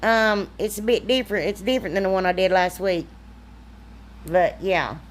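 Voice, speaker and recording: A woman's voice: mid-range voice, normal speed, slight background noise. Chatty woman crafting. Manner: chatty, self-deprecating, drawling. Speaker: craft vlogger. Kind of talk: casual crafting tutorial voice-over.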